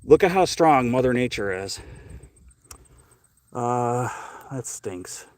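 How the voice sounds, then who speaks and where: A man's voice: medium pitch, animated, takes it slowly, darkish tone. A middle-aged man, a little short of breath, wanders and chats on a live stream, talking in a loose, curious, rambling way. He speaks outdoors on a phone, with dry, close sound and no room echo. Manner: rambling, curious, chatty with viewers. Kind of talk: casual live-stream chat. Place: outdoors in a cemetery.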